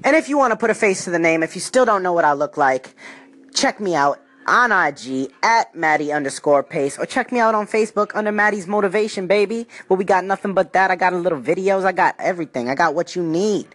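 A man hosting his own comedy podcast, talking in an animated, slangy way and laughing often between jokes. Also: high voice, fast, no room sound. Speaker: podcast host.

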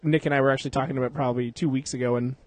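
A young man chatting on a podcast, loose and rambling, dropping curses and breaking into laughter. His voice sits mid-pitch and sounds close and dry. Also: steady tone, racing, no echo. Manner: profane, rambling, laughs often. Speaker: podcast host. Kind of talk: casual podcast chat.

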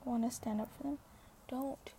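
A teenage girl vlogs in a casual, earnest monologue, hesitating often and dropping to a breathy half-whisper. Her voice sits a bit high but mellow, with plenty of vocal fry. A faint hiss of noise runs under it. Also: steady tone, moderate pace. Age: teens. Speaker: social media poster.

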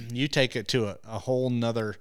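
A man who hosts a hunting show, telling stories as an interview guest. He gets animated and restarts his words when excited. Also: mid-range voice, moderate pace, smooth, dry recording, studio quality. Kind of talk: animated storytelling.

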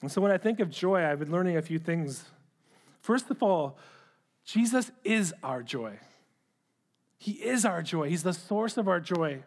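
A man's voice: high-pitched, animated, measured pace, long pauses. A middle-aged man preaching a sermon, earnest, often repeating words as he starts a phrase. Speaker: pastor.

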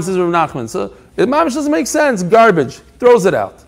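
A man giving a Talmud lesson with a high, lively voice that swings widely in pitch. He talks emphatically, reading out passages and explaining them in casual English. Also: normal speed, vocal fry, few pauses. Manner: animated, emphatic, mixing Hebrew-Aramaic quotes with English explanation. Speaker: Talmud teacher. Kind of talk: Talmud class lecture.

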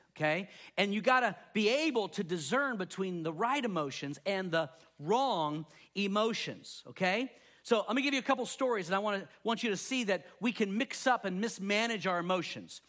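Preaching in a fairly high voice, this man brings scripture stories to life as a pastor. He animates the telling and performs the voices of each person in the story.

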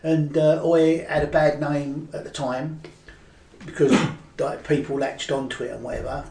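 A man's voice: on the high side, little pitch movement, moderate pace, gravelly, warm tone, slight background noise. Older Cockney man, roomy and distant. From East End of London. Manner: rambling storyteller with many fillers and restarts. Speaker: guest poet. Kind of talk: casual interview chat. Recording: echoey room, away from the mic.

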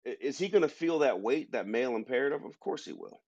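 A man's voice: mid-range voice, animated, fast talker, gravelly, darkish tone, no echo. A man hosting a podcast, arguing his view emphatically in an opinionated discussion. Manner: emphatic, argumentative. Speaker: podcast host. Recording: dull lo-fi sound.

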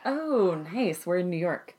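A woman in her thirties hosts a casual parenting podcast. Her voice sits a little low, and her talk is bubbly and quick to break into laughter. She chats freely with her guest. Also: big pitch swings, warm tone, breathy edge. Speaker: podcast host. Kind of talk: casual chat.

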